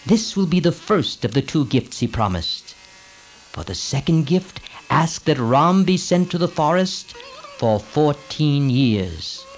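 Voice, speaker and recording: A man's voice: fairly high pitch, very animated, slow pace, soft background music. A man voicing a scheming woman servant who presses her queen with insistent commands in a storybook reading.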